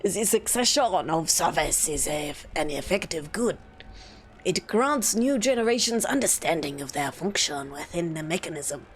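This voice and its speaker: A woman's voice: lowish voice, animated, moderate pace, pitched below the performer's own voice, close to an everyday voice. A woman voicing a tech priest man in a dry, solemn delivery with a put-on accent.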